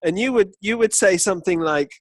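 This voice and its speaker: High-voiced joking podcast co-host. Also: male voice, a little fast, no echo. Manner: jokey, spins long comic scenarios. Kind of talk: casual chat.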